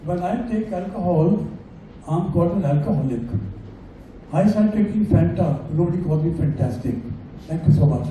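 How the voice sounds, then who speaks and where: A man's voice: high voice, animated, moderate pace, dark tone, slight background noise. Older male speaker, chatty and joking, recorded from a distance in a very echoey room. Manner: chatty, joking, addresses audience by name. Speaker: guest speaker. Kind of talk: speech at a farewell event.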